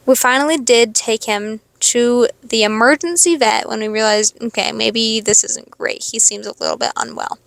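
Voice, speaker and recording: A woman's voice: fairly high pitch, moderate pace, gravelly, few pauses, no room sound. A young woman hosting a podcast, telling a rambling, expletive-laden personal story in a casual confessional monologue. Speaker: podcast host.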